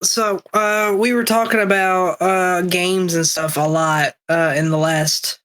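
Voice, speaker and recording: A man's voice: high voice, flat delivery, takes it slowly, a bit bright, clear, resonant tone. A man co-hosting a podcast while sick, rambling casually with restarts and swearing. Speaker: podcast co-host. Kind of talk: casual chat.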